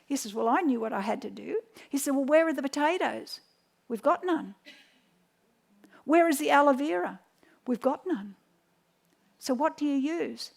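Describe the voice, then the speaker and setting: A woman's voice: high-pitched, normal speed, gravelly, long pauses. A middle-aged woman, teaching home remedies through chatty anecdotes with many restarts. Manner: storytelling, animated quotes, frequent restarts. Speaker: health educator.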